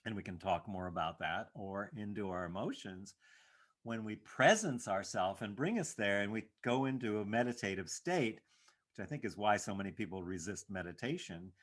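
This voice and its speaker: A man, a meditation teacher hosting the talk, speaking in an animated and emphatic way and laughing now and then at his own remarks. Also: lowish voice, moderate pace. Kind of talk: reflective conversational talk.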